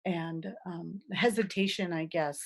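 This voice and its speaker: Low, slow-spoken woman, halting and hesitant. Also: steady tone. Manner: halting, hesitant, many filler pauses. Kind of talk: casual conversation.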